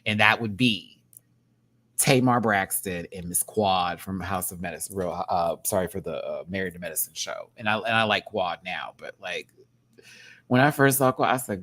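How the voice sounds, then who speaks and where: A man reviewing a drag competition show in a casual, campy rant, laughing often and swinging between loud outbursts and quiet asides. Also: moderate pace. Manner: big jumps in pitch and loudness. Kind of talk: casual commentary.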